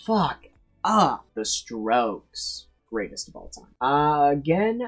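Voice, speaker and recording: A man's voice: mid-range voice, very animated, takes it slowly, soft background music. A man in his twenties giving blunt, profane, emphatic opinions in a casual ranking monologue, full of restarts. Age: 20s. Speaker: tier list video creator.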